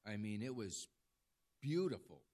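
A man's voice: lowish voice, big pitch swings, measured pace, dark tone. A man who has ministered in a jail for decades, preaching a casual, folksy sermon full of stories and calls for "amen.". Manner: folksy storytelling, calls for amens. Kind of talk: conversational sermon.

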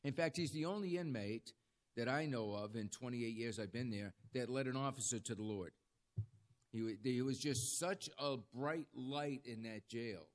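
Jail-ministry preacher, man, mid-pitched, folksy storyteller who keeps asking for amens. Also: moderate pace. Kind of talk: conversational sermon.

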